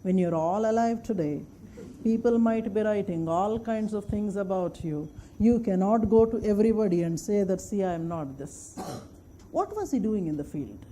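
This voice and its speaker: A woman's voice: medium pitch, lively intonation, moderate pace, dark tone, a little hiss or hum. A woman giving a classroom lecture, emphatic, repeating points and checking that her students follow. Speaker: anthropology lecturer.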